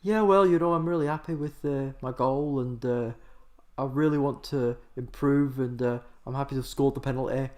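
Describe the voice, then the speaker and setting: A man's voice: medium pitch, fairly even intonation, normal speed, a little mellow, lightly acted. A man impersonating a young male footballer giving a bland, cliché-filled post-match interview, full of fillers. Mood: contented.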